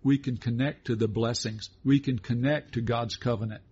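Folksy middle-aged man, husky voice, dull lo-fi sound, encouraging Bible talk. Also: medium pitch, steady tone, normal speed, darkish tone. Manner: folksy, affirming, reads scripture aloud. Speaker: co-host of a Christian teaching show. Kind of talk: conversational Bible teaching.

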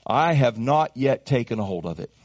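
A man preaching a sermon as pastor, swinging from high emphatic calls down to low hushed asides. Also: animated, normal speed, no echo, lo-fi sound.

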